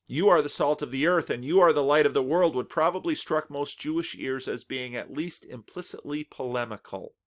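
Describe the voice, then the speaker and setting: A man's voice: mid-range voice, a bit bright. A male pastor delivering a reflective sermon, earnest and thoughtful, often restarting phrases with repeated words.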